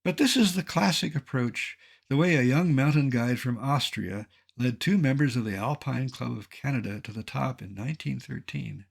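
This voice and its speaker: An older man tells his climbing story over a slideshow, his voice gravelly with a husky edge. He keeps a mid-range pitch and reads from a script. His humor is dry and deadpan. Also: moderate pace, hardly any pauses. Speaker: mountaineer narrating a slideshow. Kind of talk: scripted narration.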